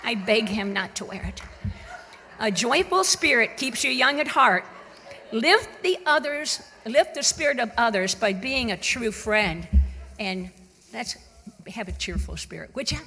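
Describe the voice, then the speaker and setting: A woman giving a lively personal testimony at a church gathering, telling stories animatedly and laughing along. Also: fairly high pitch, measured pace, a little hiss or hum. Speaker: church conference speaker. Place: church sanctuary. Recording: long reverb from a church hall.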